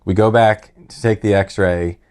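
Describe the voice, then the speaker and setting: Casting note: lower-voiced man, podcast host, animated casual storyteller. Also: measured pace, clean tone. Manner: animated, laughing retelling that drops to quiet, heavy tones.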